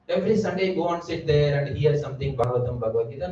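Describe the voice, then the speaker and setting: A man's voice: on the high side, animated, rapid-fire, hardly any pauses, darkish tone, slight background noise. A man giving a Sunday sermon at a temple, asking his listeners rhetorical questions. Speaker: preacher. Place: temple hall. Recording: echoey hall, distant mic, dull sound.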